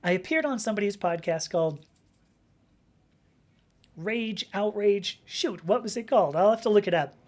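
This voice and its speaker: A woman hosting a live stream, talking in a rambling, animated way, reading out viewer comments and acting out little quotes as she goes. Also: medium pitch, moderate pace, pauses often. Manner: rambling, animated, with frequent restarts and acted-out quotes.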